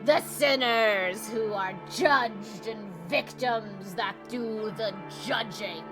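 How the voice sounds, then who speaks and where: A grim villain, read out by a woman, who condemns all humanity in slow, weighty phrases. The voice comes lower than her usual talk and sounds set back from the mic, with music behind. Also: lightly acted. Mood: solemn. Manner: slow, solemn, measured.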